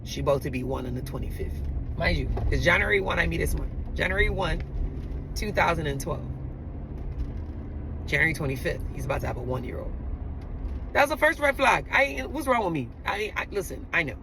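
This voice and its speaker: A middle-aged woman from the Virgin Islands with a Virgin Islands accent, telling her own story in a chatty, animated way and often speaking straight to her listeners. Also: deep voice, fairly quick, background noise. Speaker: storyteller host. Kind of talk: personal storytelling to an audience.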